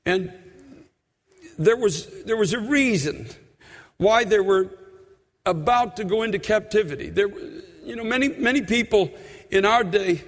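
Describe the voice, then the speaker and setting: A man preaching a sermon in a church, impassioned, slowing and stretching words for emphasis. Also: high voice, in a large hall. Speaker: pastor. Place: church sanctuary.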